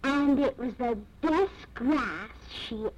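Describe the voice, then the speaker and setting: A woman reading a children's picture book aloud, gently, giving the animals their own voices. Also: high-pitched, expressive, takes it slowly. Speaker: storyteller. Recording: dull lo-fi recording with faint noise.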